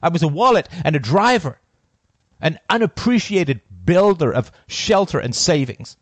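A man narrating a first-person story in a cold, deliberate, sardonic manner. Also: a little high, animated, dry recording.

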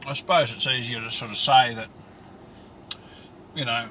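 A man's voice: medium pitch, steady tone, normal speed, pushed and bright, a little hiss or hum. An Australian man vlogging in a casual, rambling monologue, crude and colloquial, talking from his car.

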